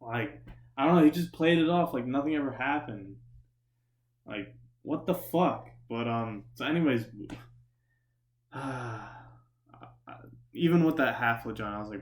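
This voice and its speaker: A man's voice: fairly low pitch, normal speed, reverberant. A young man telling a profane, rambling story with many restarts and asides. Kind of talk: casual storytelling.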